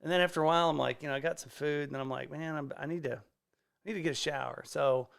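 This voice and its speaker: A man, a stand-up comedian, telling a casual story on a podcast, animated and swearing freely as he acts out the people in it. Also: a little high, quick pace, vocal fry. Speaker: guest comedian. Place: podcast studio.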